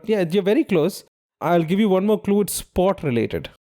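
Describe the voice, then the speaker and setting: A man's voice: high-pitched, big pitch swings, moderate pace, mellow. A man co-hosting a quiz podcast, giving clues and explaining trivia at length in casual chat.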